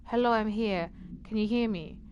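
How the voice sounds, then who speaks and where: A woman voicing a lost, eerie female caller as she reads out a call transcript in a soft, hesitant way. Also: medium pitch, normal speed, muffled recording, slight background noise, lightly acted.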